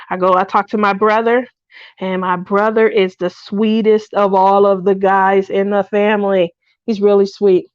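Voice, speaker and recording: A woman's voice: mid-range voice, normal speed, no echo. Middle-aged woman telling stories, laughing often. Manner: animated storytelling, laughs often. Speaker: craft livestream host. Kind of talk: casual livestream chat. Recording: dull dry lo-fi stream audio.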